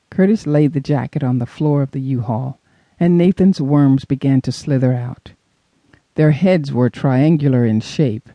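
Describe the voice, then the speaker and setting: A man narrating a suspense audiobook in an expressive storytelling manner. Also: medium pitch, dry recording, dull audio. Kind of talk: scripted narration.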